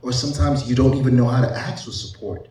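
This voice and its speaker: A man's voice: mid-range voice, quick pace, warm tone, far from the mic. A man, a psychiatrist, giving a conversational panel presentation to a live audience, posing rhetorical questions. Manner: conversational, asks rhetorical questions, frequent "you know". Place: large echoey event room. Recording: echoey hall, voice off-mic.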